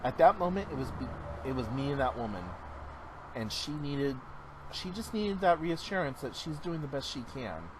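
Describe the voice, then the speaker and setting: A man's voice: medium pitch, very animated, normal speed, noisy background. A man hosting his own podcast, talking in an earnest, heartfelt, rambling casual monologue. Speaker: podcast host.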